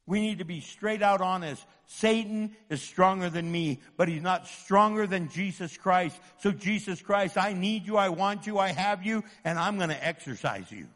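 A man preaching with fervor, driving his points home through repetition and voicing the doubts of his listeners. His voice sits high for a man. It rings out with a long reverb. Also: normal speed, hardly any pauses, a bit bright. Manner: impassioned, repetitive preaching with acted inner voices. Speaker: pastor. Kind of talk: sermon.

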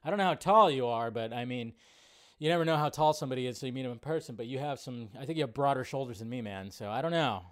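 A man's voice: mid-range voice, animated, fast talker. A man hosting a live film news stream, chatting loosely with viewers and rambling between greetings.

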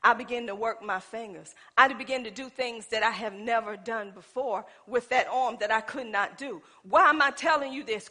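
A middle-aged woman pastor preaching a sermon. She tells stories to the congregation, moving between loud declarations and hushed asides. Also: a little high. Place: church.

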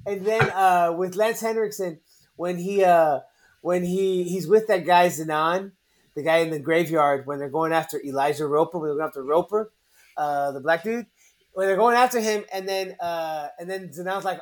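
A man hosting a podcast in casual chat, excitable, laughing often, swearing and restarting his sentences. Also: sits high, normal speed. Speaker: podcast host.

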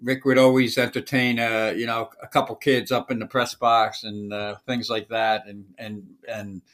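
A middle-aged man co-hosting a podcast, with a voice of ordinary middle pitch. He talks in a relaxed, halting way and keeps stopping to restart his sentences. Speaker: podcast co-host. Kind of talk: casual conversation.

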